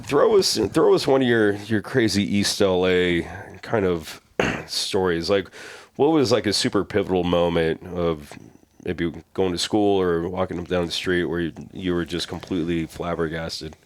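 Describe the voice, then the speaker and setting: A man's voice: low voice, measured pace. A man hosting a casual podcast chat, telling stories and acting out quotes with a lot of energy. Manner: animated storyteller, acts out quotes loudly.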